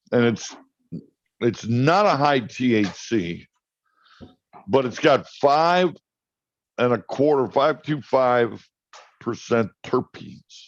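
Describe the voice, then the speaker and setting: A man's voice: mid-range voice, dry recording. A chatty man tells rambling stories as an interview guest, tripping over his restarts. His voice arrives dry and slightly dull over a video call. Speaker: cannabis farmer guest. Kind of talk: casual interview storytelling. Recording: muffled dry online call audio.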